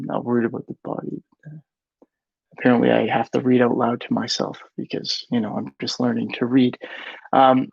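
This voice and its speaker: A man's voice: medium pitch, creaky, no echo, highs cut off. A man hosting a casual live Q&A, reading viewer questions aloud and often correcting himself as he answers. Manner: reads chat questions aloud, self-corrects with "rather".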